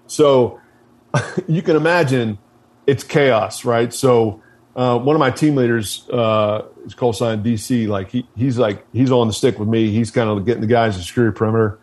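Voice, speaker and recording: As a guest, a military veteran with an ordinary-pitched, slightly mellow voice tells a story from his service days at normal speed. His casual delivery is blunt and full of swearing, and he often trips over and restarts his sentences.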